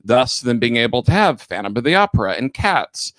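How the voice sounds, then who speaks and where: A man's voice: medium pitch, big pitch swings, fairly quick, a bit bright, no echo. A man co-hosting a casual livestream chat, chatty and rambling as he explains things. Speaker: co-host of a livestreamed talk show.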